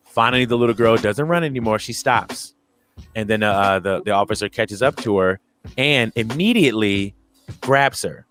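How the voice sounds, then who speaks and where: A man co-hosting a podcast, telling a story casually and acting out the people in it with big jumps in his voice. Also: moderate pace. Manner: animated retelling, acts out quoted voices with big pitch jumps. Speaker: podcast co-host.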